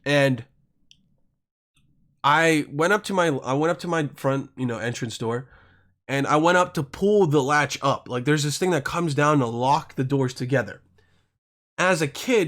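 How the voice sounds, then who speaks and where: A man's voice: on the high side, unhurried, pauses often, a bit bright. Crude, rambling man with a raised voice. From Europe. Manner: rambling, crude, swears constantly, self-interrupting. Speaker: podcast host. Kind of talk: casual storytelling monologue.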